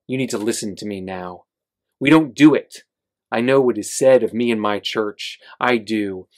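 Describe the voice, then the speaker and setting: A man reading aloud as a young priest who refuses gently but firmly, at a bookstore reading. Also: fairly low pitch, moderate pace, natural voice. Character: young male priest, compassionate but firm.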